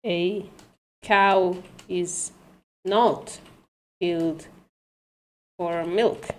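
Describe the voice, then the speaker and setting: A woman hosts a casual livestream and talks slowly with long pauses, her voice sitting on the low side. She stumbles, corrects herself and swears lightly as she works through an argument. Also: fairly even intonation. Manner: halting, self-correcting, swears and laughs at herself. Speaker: livestream host. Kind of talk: casual livestream teaching logic.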